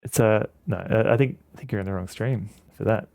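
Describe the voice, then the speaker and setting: Male streamer, gravelly voice, dry close sound, self-mocking banter with stumbles. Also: fairly low pitch, fairly quick, a little mellow, dry recording. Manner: joking, self-mocking, stammers and repeats words. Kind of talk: casual gameplay commentary.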